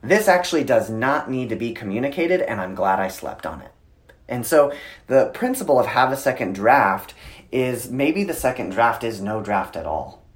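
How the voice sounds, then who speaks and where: A man in his thirties, a guest in an interview, explaining communication with lively storytelling and frequent filler words. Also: mid-range voice, moderate pace. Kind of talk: conversational interview.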